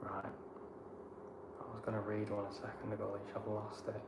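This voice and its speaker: A man's voice: fairly low pitch, completely flat delivery, normal speed, vocal fry. A man from Blackburn with a Lancashire accent, a travel vlogger casually reading out and answering viewer comments in a chatty, rambling way. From Blackburn, England. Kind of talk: casual live-chat Q&A. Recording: echoey room with background noise.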